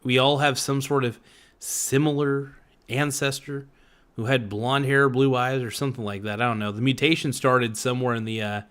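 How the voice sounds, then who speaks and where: A man's voice: medium pitch, steady tone, normal speed, a bit bright, clear, resonant tone. A man hosting a livestream podcast, chatting casually and profanely while he eats and reads out his live chat. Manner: rambling and profane, with many fillers.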